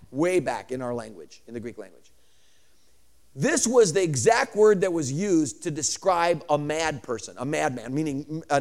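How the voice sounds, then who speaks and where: A man preaching a sermon, teaching word meanings slowly and repeating them, then building to shouted calls for amen. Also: fairly high pitch. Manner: spells out and repeats words slowly.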